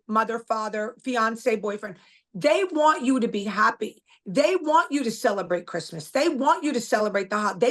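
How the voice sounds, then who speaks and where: Middle-aged woman guest, blunt and emphatic, a bit higher-pitched, casual interview talk. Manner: blunt, emphatic, repeats herself. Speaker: guest, author.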